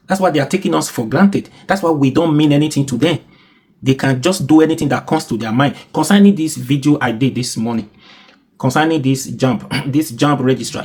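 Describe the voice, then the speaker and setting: A man's voice: mid-range voice, husky. A young Nigerian man with a Nigerian accent giving an indignant, repetitive rant as a commentary vlogger. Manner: indignant, repeats himself for emphasis. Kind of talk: ranting social commentary.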